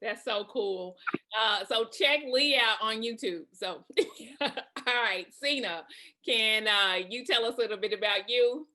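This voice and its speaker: Bubbly bright-voiced woman hosting a panel. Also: on the high side. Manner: bubbly, laughs often, quick asides. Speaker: host of a panel discussion. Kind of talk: casual panel chat.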